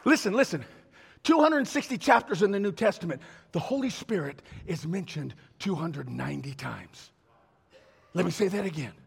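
A man preaching a sermon in a church, animated and exhorting, with call-and-response asides to the congregation. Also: high-pitched, moderate pace, creaky, a little hiss or hum. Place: church sanctuary. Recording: long reverb of a large hall.

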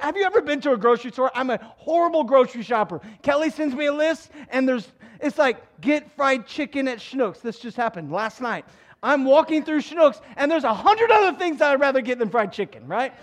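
Preaching with animation and plenty of jokes, a male pastor moves back and forth from quiet asides to loud exhortation.

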